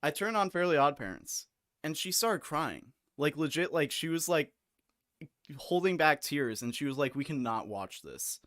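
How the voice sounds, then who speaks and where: A man's voice: fairly high pitch, expressive, a bit bright, no echo. Young guy streamer, raised voice, bone-dry sound, rambling and crude. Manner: rambling, crude and slangy, quick asides. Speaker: streamer host. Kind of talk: casual live-stream chat.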